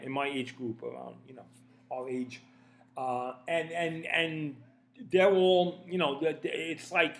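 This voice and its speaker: A man in his fifties talks through casual commentary with a slightly raised voice. He rambles, stops and restarts his sentences, and keeps his wording blunt and profane. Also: on the high side. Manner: rambling, with many restarts and fillers.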